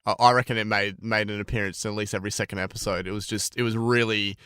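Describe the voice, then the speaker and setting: A man chats casually as a podcast co-host. His voice is smooth and resonant, and the recording is dry and close. He talks in a relaxed way, with plenty of fillers and restarts. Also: lowish voice, quick pace, dry recording. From Australia.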